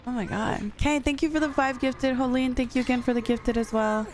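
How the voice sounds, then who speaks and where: A woman's voice: high-pitched, fairly even intonation, brisk, darkish tone, a little hiss or hum. A young woman streaming a game, chatting casually, thanking viewers and answering chat. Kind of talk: casual live-stream chat while gaming. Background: faint music.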